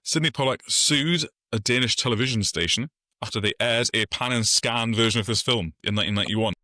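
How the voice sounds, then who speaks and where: A man's voice: mid-range voice, a little fast, sharp tone, no echo, clean studio sound. A man co-hosting a podcast, sharing film trivia in an easygoing way with hesitant fillers. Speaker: podcast co-host. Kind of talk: casual chat.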